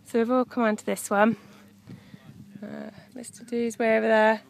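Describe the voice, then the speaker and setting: Gravelly-voiced woman, hushed and chatty. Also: a little high, normal speed. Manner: chatty and excitable, often dropping to a hushed whisper. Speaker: metal detecting vlogger. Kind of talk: casual outdoor commentary. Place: open farm field outdoors.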